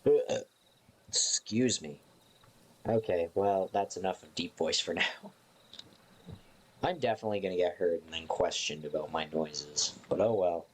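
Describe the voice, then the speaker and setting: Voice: low voice, normal speed, slight background noise. A live streamer chatting casually to viewers in a playful, self-mocking, rambling way.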